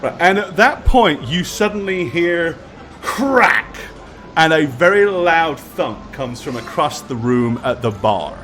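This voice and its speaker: Male dungeon master, storytelling narration, lively delivery, higher register. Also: measured pace, few pauses, faint music behind. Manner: lively storytelling with filler words. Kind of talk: narrating a tabletop game and show outro.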